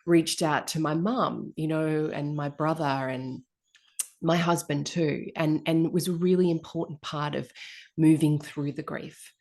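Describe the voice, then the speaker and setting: A woman hosting a conversation, speaking in a gentle, reflective way. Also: low-pitched, fairly even intonation, unhurried. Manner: gentle and reflective, with many soft affirmations.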